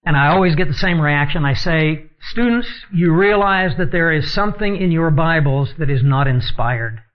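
A man's voice: a little high, normal speed. A man teaching a sermon in an earnest tone, reading scripture aloud and explaining it. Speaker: Bible teacher. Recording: dull lo-fi recording.

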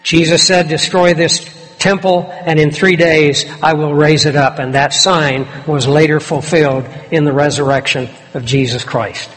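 A male preacher with a notably high voice delivers an expository sermon, leaning hard on key words. His voice rings out with a long reverb tail, as in a church sanctuary. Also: fairly even intonation, normal speed, fairly bright tone.

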